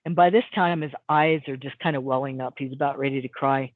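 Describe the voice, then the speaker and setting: A middle-aged woman, a hypnotist, telling a story as a guest in an interview, acting out quotes with sudden jumps in pitch and often repeating words as she restarts. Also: brisk, no echo. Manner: animated, acts out quotes with big pitch jumps. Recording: dry tinny phone-like sound.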